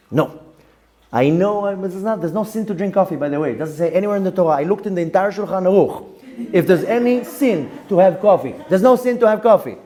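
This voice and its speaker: Animated rabbi telling stories. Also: male voice, fairly high pitch. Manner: animated storytelling with personal anecdotes and Hebrew phrases. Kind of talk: Torah lesson.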